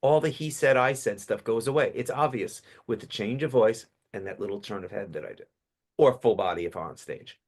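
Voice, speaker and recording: A man, a public speaking coach, talks as a guest in a podcast interview, telling animated stories with quick restarts. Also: lowish voice, slightly rough.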